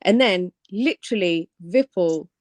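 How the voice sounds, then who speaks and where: Slangy, animated young woman. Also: lowish voice, measured pace, no room sound. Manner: laughs often, slangy and animated storytelling. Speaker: livestream host. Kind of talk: casual chat.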